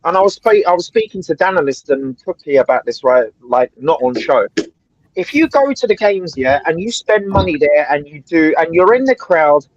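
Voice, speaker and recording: A man's voice: a little high, sing-song, moderate pace, dry recording, highs cut off. A man co-hosting a fan livestream, ranting and swearing in casual chat, with a habit of asking "right?".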